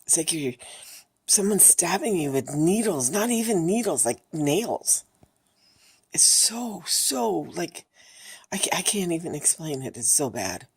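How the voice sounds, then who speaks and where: A woman's voice: sits low, very animated, unhurried, a little mellow, husky. A woman vlogger talking candidly and emotionally, blunt and swearing freely, worn out and exhausted. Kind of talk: candid personal vlog.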